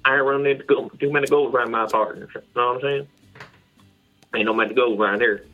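A man's voice: medium pitch, fairly even intonation, quick pace. A man calling in to a comic show, laid back and drawling, answering with "yes, sir", heard over a muffled phone line. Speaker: caller. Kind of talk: comic call-in bit.

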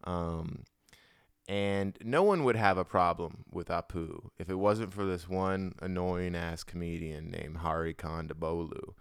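A young man with a very deep, smooth voice, rambling loosely through casual podcast talk with plenty of slang. He is close on a dry studio mic, with no room sound at all. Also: measured pace, no room sound. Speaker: podcast host.

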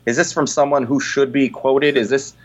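A comedian in casual chat, talking in rambling sentences full of "you know". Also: male voice, medium pitch, steady tone, moderate pace, highs cut off.

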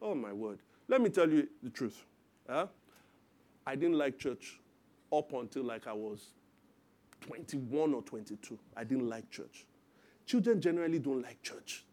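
A man in his thirties preaching a sermon as pastor, lively and acting out parents and children in quoted voices. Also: mid-range voice, unhurried, long pauses.

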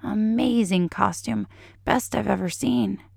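A woman's voice: mid-range voice, a little slow, creaky, a little mellow, dry recording, studio quality. A woman voicing a flustered male agent, speaking in a wry, hesitant way.

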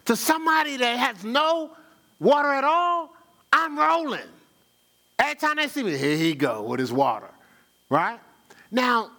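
Male pastor, sermon, high-pitched, bright tone, folksy, swings up and down. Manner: animated preacher, voice rising high for emphasis and dropping low for asides; folksy, conversational with chuckles and repeated words.

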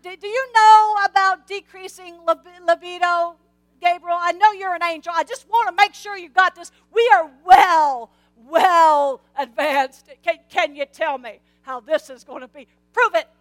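A woman's voice: very high voice, fast, hardly any pauses, sharp tone, no echo. A woman voicing a doubting old male priest who stammers incredulous questions.

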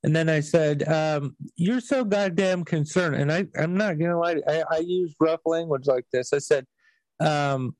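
A man's voice: on the high side, steady tone, moderate pace, a little mellow, no echo, low-quality recording. A man hosting a podcast, telling stories in casual chat with blunt, profane language. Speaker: podcast host.

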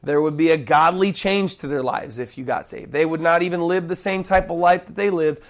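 Gravelly-voiced man preaching a sermon. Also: fairly high pitch. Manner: hushed, earnest praying, then emphatic teaching with slow stressed phrases; folksy, with small jokes and restarts. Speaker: pastor. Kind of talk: sermon with opening prayer.

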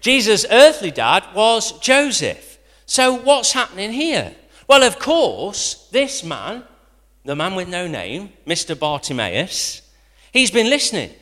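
A preacher with a fairly high, bright voice gives a lively sermon. His pitch swings widely as he climbs into near-shouted quotations and falls back to quiet asides. The sound rings with the long reverb of a large hall. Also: slow. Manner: animated, rising to near-shouts when quoting, dropping to quiet asides.

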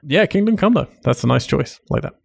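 A man's voice: fairly high pitch, expressive, brisk, creaky, slightly rough, no room sound. A man hosting a podcast, chatting in a laid-back way, swearing casually and laughing often. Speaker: podcast host. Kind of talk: casual chat.

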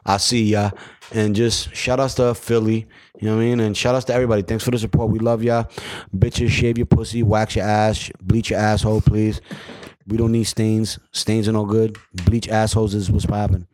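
A man's voice: on the low side, little pitch movement, normal speed, darkish tone. A man hosting a podcast in loose, profane, joking banter. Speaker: podcast host.

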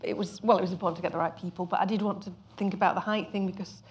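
A woman's voice: medium pitch, fairly even intonation, very fast. A woman director speaking on a panel discussion, thoughtful and often restarting her sentences.

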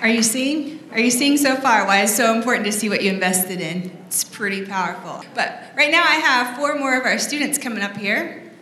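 A woman's voice: on the high side, lively intonation, moderate pace, a crowd in the background. Enthusiastic woman introducing speakers. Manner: enthusiastic, chatty. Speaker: youth leader introducing speakers. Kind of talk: church service address. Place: church sanctuary. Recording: echoey hall, faint noise.

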